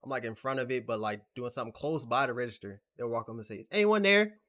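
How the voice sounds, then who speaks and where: A young man on a casual podcast, excitable and jokey, telling stories with acted quotes. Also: mid-range voice, no echo, studio quality. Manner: fast, excitable, jokey, puts on meek apologetic voice in stories. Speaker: podcast co-host. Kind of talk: casual chat.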